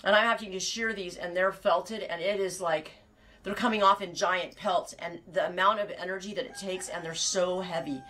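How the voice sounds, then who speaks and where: A woman's voice: on the low side, fairly even intonation, normal speed, a bit bright. A woman hosting a casual knitting live stream from her farm, rambling and cutting herself off, laughing often and swearing now and then. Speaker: knitting show host and sheep farmer.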